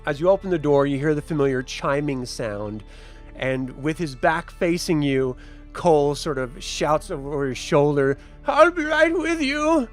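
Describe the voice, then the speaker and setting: A man running a tabletop game as storyteller, narrating scenes in a relaxed, chatty way with frequent fillers. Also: fairly high pitch, moderate pace, soft background music. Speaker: game master.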